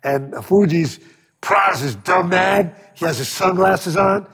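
A man with a husky, slightly breathy voice tells stories in an interview, acting out what others said. He swears freely and keeps the stories moving. His voice trails off in a long reverb. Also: high voice, a little slow. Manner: animated storyteller, acts out quotes, swears freely. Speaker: record producer guest. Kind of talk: storytelling interview.

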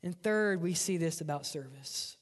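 Man, pastor, church sermon, high voice, long hall echo, whispered emphasis. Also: normal speed. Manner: dramatic preaching, dropping to whispers for emphasis. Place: church sanctuary.

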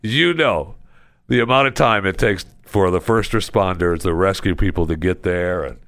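A man filling in as a talk radio host, telling stories in an animated way and chuckling often. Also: low-pitched, moderate pace, no room sound.

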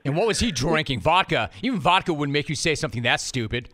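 A man's voice: fairly high pitch, lively intonation, fast, bright, forceful tone, no echo. A man hosting a podcast, eagerly pressing his guests with questions. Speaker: podcast host. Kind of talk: casual chat and ad reads.

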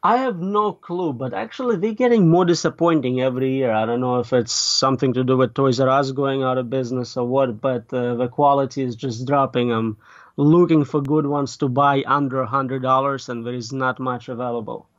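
A man's voice: mid-range voice, steady tone, a little fast, no echo, lo-fi sound. A man, a professor and native Russian speaker, answering interview questions with dry, matter-of-fact humor over a video call. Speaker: professor, guest.

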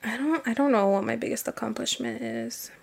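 A woman's voice: fairly high pitch, a little fast, creaky. A woman co-hosting a podcast in casual chat, leaning on "like" and mixing Spanish phrases into her English. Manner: casual, many "like" fillers, mixes Spanish into English. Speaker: podcast co-host.

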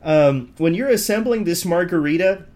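Male host, very animated intonation, plays along with the joke, curious. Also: high voice, normal speed. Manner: plays along, asks eager questions. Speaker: show host. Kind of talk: casual comedic chat.

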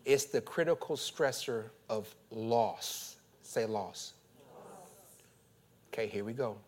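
A male pastor preaching a sermon, swinging from calm teaching to loud, high, laughing bursts, repeating phrases as he builds. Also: slow, slight background noise. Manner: repeats phrases and restarts when fired up.

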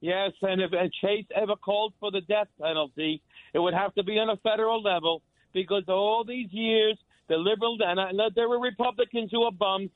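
A man's voice: high voice, dry recording. A male caller ranting heatedly on a talk radio show. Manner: heated, denouncing. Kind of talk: angry call-in rant. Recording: tinny phone line.

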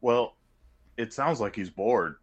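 A man's voice: medium pitch, animated, takes it slowly, highs cut off. A man co-hosting a casual sports podcast, thinking aloud with stops and repeated words. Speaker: podcast co-host.

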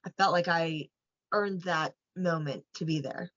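A woman's voice: fairly low pitch, measured pace, a bit bright, dry recording. Earnest woman wrestler guest, dry lo-fi. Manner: earnest, laughs easily. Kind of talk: casual interview chat.

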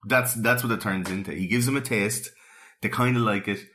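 A man with a fairly low voice chats casually as a podcast co-host. He tells stories animatedly and slips into acted-out quotes. The delivery is relaxed and conversational. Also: brisk. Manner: animated storyteller, acts out quotes. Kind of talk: casual chat.

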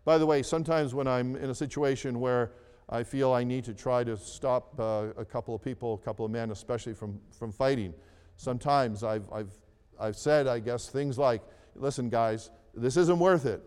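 A man preaching a sermon as a pastor, in a slow, deliberate style that repeats key phrases and rises for emphasis. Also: medium pitch, fairly even intonation, darkish tone, clear, resonant tone. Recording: long reverb of a large hall.

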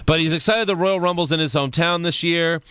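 A man's voice: a little high, quick pace, sharp tone, clear, resonant tone, no room sound. A young man hosting a casual podcast, recapping wrestling in a loose, rambling way with some swearing. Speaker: podcast host.

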